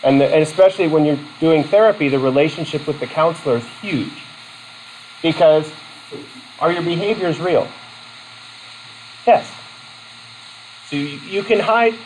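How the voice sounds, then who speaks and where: A man's voice: on the high side, moderate pace, pauses often, a little mellow, a little hiss or hum, low-quality recording. A man from Vermont teaching a college class, chatty and self-deprecating, with many fillers and restarts as he takes student questions. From Vermont, USA. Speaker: college instructor.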